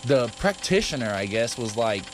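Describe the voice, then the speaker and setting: A man's voice: mid-range voice, big pitch swings, normal speed, background noise. A man in his fifties telling a story for his vlog in a casual, rambling way, with frequent swearing and fillers. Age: 50s. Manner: rambling, profane, lots of fillers. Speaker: vlogger.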